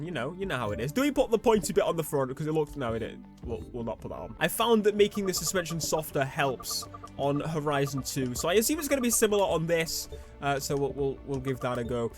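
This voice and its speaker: Give me an excitable young gamer rambling over a racing game, high and animated. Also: male voice. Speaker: gaming YouTuber. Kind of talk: gameplay commentary.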